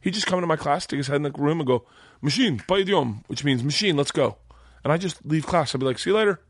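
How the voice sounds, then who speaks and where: Animated storytelling man in his forties. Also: fast talker. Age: 40s. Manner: animated, profane, jumps high when quoting himself. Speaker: podcast guest. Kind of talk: storytelling in casual chat.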